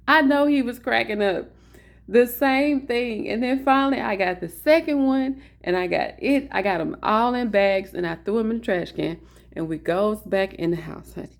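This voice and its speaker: Chatty woman with a gravelly edge. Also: on the high side, moderate pace. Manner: animated, chatty, addresses viewers as "honey". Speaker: vlogger. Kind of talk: casual storytelling chat. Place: indoor office.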